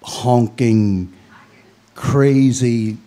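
Speaking extremely slowly, a funeral speaker from Belfast, Northern Ireland, gives a eulogy in his Northern Irish accent. His medium-pitched, dark-toned voice carries dry humor through the stories he tells.

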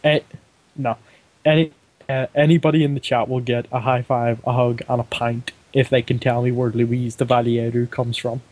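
A man's voice: medium pitch, little pitch movement, normal speed, a little mellow. A young man chatting with a friend over a game, jokey and giggly, often apologizing for his teasing. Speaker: friend playing along on voice chat. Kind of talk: casual gaming chat.

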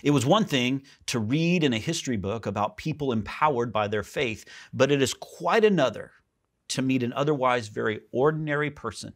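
A pastor preaching a sermon in a church, animated, jumping up high for emphasis and dropping soft. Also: male voice, creaky.

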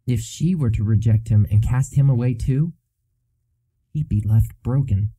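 A man narrating a fantasy novel as an audiobook in a steady, even storytelling manner. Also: mid-range voice, measured pace, slightly rough, dry recording, poor audio.

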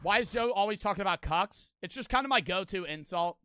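A young man riffing on a live stream, blunt and profane as he reacts and reads out donations. His voice is high, very bright and crisp. The sound is dry and close. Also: expressive, brisk, no room sound. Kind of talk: casual stream commentary.

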